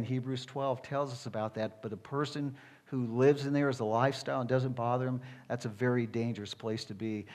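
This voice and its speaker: High-voiced man preaching emphatically. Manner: emphatic, repetitive, rising to forceful declarations. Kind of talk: sermon.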